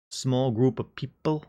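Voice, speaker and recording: A man's voice: mid-range voice, dark tone. A man chatting casually to his live-stream audience, joking and rambling with frequent restarts. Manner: joking, rambling, talks to chat.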